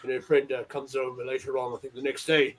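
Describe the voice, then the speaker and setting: Halting male guest with many fillers. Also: medium pitch, little pitch movement, slight background noise. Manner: halting, with many "uh"s and repeated words. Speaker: guest on a live stream. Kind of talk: casual chat.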